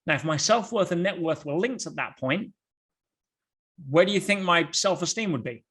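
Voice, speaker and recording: A man talking as a guest on a podcast, telling stories in an animated way with rhetorical questions and quick restarts. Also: on the high side, breathy edge. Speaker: podcast guest, motivational speaker. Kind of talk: podcast conversation.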